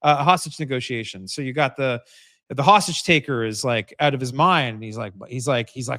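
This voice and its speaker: Brisk and forceful, with a bright, medium-pitched voice, the host of a live political commentary stream meanders through his points, restarting often and repeating phrases for emphasis. The audio is studio quality with no echo.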